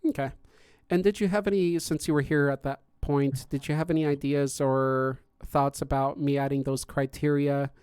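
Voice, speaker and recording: This is a man chatting casually as host of a live podcast stream. He rambles, circles back and fills gaps with "um" and "uh". His voice sits at a medium pitch and sounds dry and close. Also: steady tone, normal speed, a little mellow, clear, resonant tone, dry recording. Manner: rambling, many fillers and restarts. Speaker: podcast host and contest judge.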